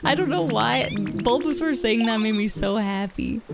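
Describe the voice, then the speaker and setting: A woman streaming a video game live, giggling and excitable in her commentary. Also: on the high side, normal speed, gravelly, few pauses. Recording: game music underneath.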